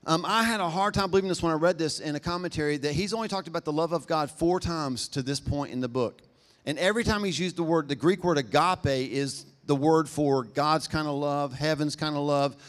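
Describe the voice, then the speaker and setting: A man preaching a sermon, talking fast and conversationally with a self-deprecating humor. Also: a little high. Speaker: pastor.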